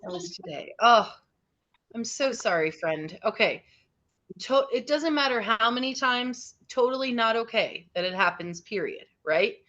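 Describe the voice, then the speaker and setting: Her pitch is fairly high and animated, with a measured pace and a pushed, bright quality. She's a teacher running an interactive online session for teens, keeping things upbeat and encouraging and often checking in with everyone. Recorded over a video call, the audio is a little dull.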